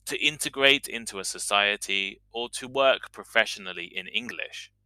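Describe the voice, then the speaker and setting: Bright, crisp male English teacher. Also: medium pitch, dry recording, poor audio. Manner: clear, explanatory, demonstrates sounds. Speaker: English teacher and podcast host. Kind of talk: scripted educational podcast monologue.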